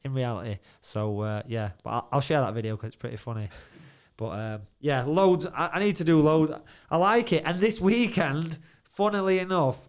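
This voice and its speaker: A man's voice: on the high side, normal speed, hardly any pauses, smooth. A man co-hosting a podcast in a studio, telling stories in a loose, laughing, swearing way. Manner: swears a lot, laughs, tells stories animatedly. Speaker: podcast co-host. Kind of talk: casual chat.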